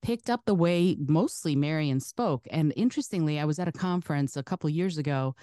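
Low, mellow-voiced woman telling stories. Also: a little fast, no room sound, clean studio sound. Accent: broadcast American. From Soviet Union. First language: Russian. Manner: animated, laughs often, chatty. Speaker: guest. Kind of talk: casual interview storytelling.

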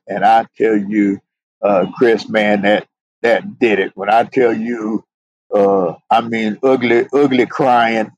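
A middle-aged man speaks in a husky, gravelly voice, earnest and heartfelt as he tells his story on a podcast. The sound is close and dry, with no room around it, and he fills his talk with "you know". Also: fairly low pitch, fairly even intonation, normal speed, a little mellow, no echo, muffled recording. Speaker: podcast guest, police sergeant.

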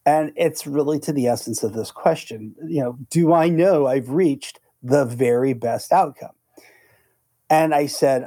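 A middle-aged man co-hosting a podcast, telling a story in a casual, animated way and acting out the lines he quotes. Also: medium pitch, measured pace, no room sound. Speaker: podcast co-host; negotiation instructor.

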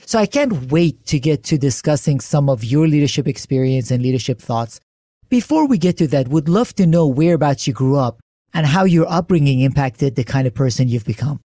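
A man's voice: mid-range voice, animated, brisk, dark tone, no room sound, studio quality. A man hosting an interview podcast, welcoming and praising his guest with enthusiasm. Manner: enthusiastic, complimentary. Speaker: podcast host.

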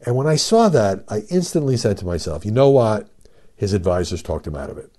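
An older man with a fairly low, warm voice hosts a solo podcast, speaking briskly in a sing-song manner. As a media commentator, he keeps his remarks conversational, with fillers and emphatic rhetorical questions.

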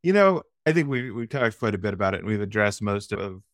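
A man's voice: lowish voice, expressive, fast, dry recording. Analytical man in a dry podcast chat. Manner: analytical, critical, with stammered restarts. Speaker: podcast co-host. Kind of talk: casual movie discussion.

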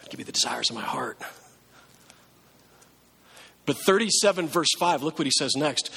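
A pastor preaching a sermon in a relaxed, conversational way, now and then acting out pleading prayers. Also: male voice, fairly high pitch, vocal fry, slightly rough, in a large hall.

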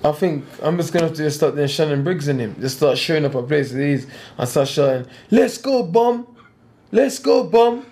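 Heated man with a high voice. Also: fast talker, few pauses. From England. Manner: animated, heated, repeats himself. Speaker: professional boxer. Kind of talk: interview, blunt ranting.

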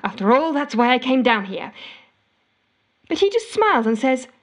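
Desperate, wry woman narrating in a comedic audio drama; exasperated, slightly high pitch. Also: very animated, moderate pace. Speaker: narrating character.

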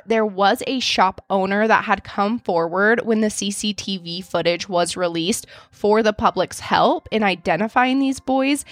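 Woman host, true crime podcast narrator, mid pitch, close dry sound. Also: dry recording. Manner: steady storytelling, reading out quotes.

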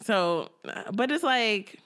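Animated, laughing woman co-host. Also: mid-range voice, takes it slowly. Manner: animated, laughing, acts out quotes. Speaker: podcast co-host recapping a reality show. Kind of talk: casual chat.

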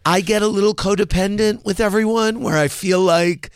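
A man's voice: high-pitched, moderate pace, clean tone, no room sound, clean studio sound. A man hosting a podcast, chatting in a gossipy, enthusiastic way. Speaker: podcast host. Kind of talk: casual chat.

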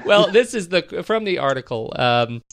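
A man's voice: sits high, sing-song, moderate pace, no room sound. A man co-hosting a casual marketing podcast, telling a story wryly and reading quotes aloud. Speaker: podcast co-host. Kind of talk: casual chat.

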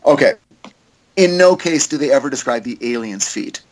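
A man's voice: mid-range voice, animated, normal speed, slight background noise. A man in casual podcast chat, loose and joking as he reads passages aloud.

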